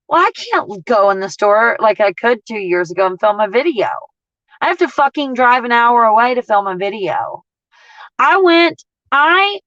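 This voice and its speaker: A woman, ranting in a casual livestream as a couponing vlogger, blunt, profane and animated as she tells stories. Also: fairly high pitch, no echo, muffled recording.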